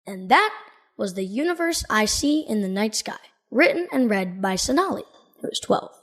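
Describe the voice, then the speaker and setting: A woman's voice: mid-range voice, sing-song, moderate pace, a bit bright. Playful woman podcast host. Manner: playful, joking. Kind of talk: scripted podcast hosting.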